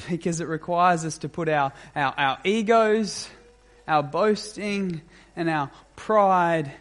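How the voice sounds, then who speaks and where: High-voiced, slow, emphatic preaching man. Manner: measured, emphatic preaching with deliberate pauses. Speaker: pastor. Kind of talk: sermon.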